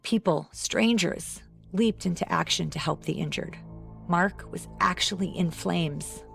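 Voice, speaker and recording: A woman hosting a podcast, giving scripted narration and asking measured interview questions. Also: fairly low pitch, gravelly, a bit bright, soft background music. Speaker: podcast host.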